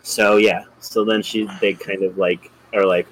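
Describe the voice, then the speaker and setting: A man's voice: lowish voice, little pitch movement, unhurried, slight background noise, low-quality recording. Laughing man retelling a movie. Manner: retells scenes with frequent laughter. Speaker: podcast co-host. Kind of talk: casual movie discussion.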